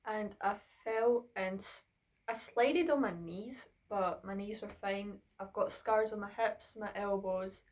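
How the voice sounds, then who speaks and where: A woman's voice: mid-range voice, a little slow. A young woman, chatting through a Q and A vlog filmed on her phone in her bedroom, slightly out of breath. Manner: chatty, rambling, with fillers. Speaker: vlogger. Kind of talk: casual Q and A vlog.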